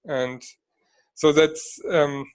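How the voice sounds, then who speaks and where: Higher-voiced man explaining code. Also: little pitch movement, drawn-out words, smooth. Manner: thinks aloud, often checks with "right?". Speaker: developer on a community call. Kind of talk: technical discussion. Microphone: video call.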